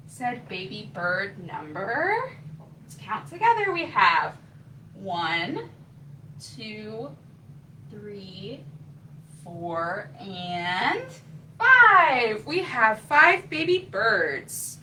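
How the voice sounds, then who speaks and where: A woman reads a picture book to young children at a library story time, slow and sing-song, her voice bright and leaping up and down in pitch. She is heard from a little way off the mic, with faint room noise behind her. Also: sing-song, recorded from a distance, low-quality recording.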